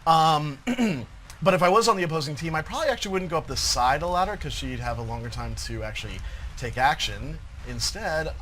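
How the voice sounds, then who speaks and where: A man hosts a live game stream, walking viewers through features in a chatty, explanatory way. His voice sits in an ordinary middle pitch. Faint noise hums behind him. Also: pushed and bright. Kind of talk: live gameplay demonstration.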